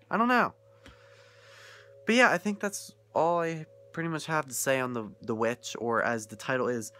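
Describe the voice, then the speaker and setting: A man's voice: medium pitch, moderate pace, pushed and bright. A young man ranting casually about a film he watched, incredulous and often laughing. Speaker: vlogger reviewing a film. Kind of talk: casual rant.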